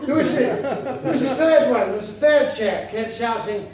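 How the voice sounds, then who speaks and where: A man's voice: extremely high pitch, animated, normal speed, hardly any pauses, distant mic, a crowd in the background. A man doing stand-up comedy in a pompous, mock-formal, dandyish manner, in a comedy venue before a live audience. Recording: echoey room heard from afar, noisy.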